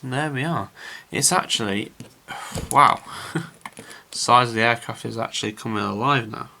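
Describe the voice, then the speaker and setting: A man's voice: medium pitch, unhurried, vocal fry, pushed and bright. A man casually narrating his scale model build to viewers, chatty and rambling with frequent filler words.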